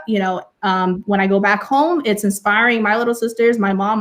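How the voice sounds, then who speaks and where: An earnest young woman from California speaks on a panel discussion at a medium pitch. She tells her own story with conviction and keeps leaning on "you know" as she talks. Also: fairly bright tone. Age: young adult. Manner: passionate, heavy use of "you know". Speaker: panelist and teacher.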